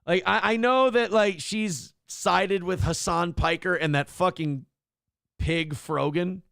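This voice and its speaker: A man's voice: high-pitched, fairly even intonation, takes it slowly, gravelly, a bit bright, no room sound, studio quality. A man hosting a casual live-stream talk show, reading donations and ranting with mocking impressions. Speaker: host.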